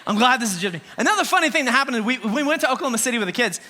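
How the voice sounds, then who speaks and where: A man in his thirties, a worship pastor preaching a sermon in church, animated and laughing as he acts out scenes. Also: extremely high pitch, very fast.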